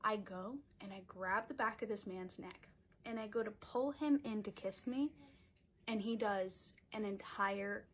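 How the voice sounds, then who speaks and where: A woman's voice: mid-range voice, a little slow. A young woman telling a story in a casual storytime vlog, chatty and dramatic, with lots of "like" fillers. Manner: chatty, heavy use of "like" fillers; dramatic, animated retelling.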